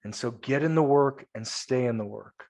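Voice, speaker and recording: A man's voice: medium pitch, normal speed, darkish tone. A man, a men's coach and podcast guest, speaking earnestly and emphatically in casual conversation, with lots of coaching-style repetition.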